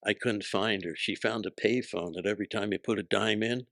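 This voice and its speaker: A man, a podcast guest telling stories in animated casual chat, acting out the voices he quotes. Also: on the low side, fairly quick, vocal fry. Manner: animated, acts out quoted voices, laughs often.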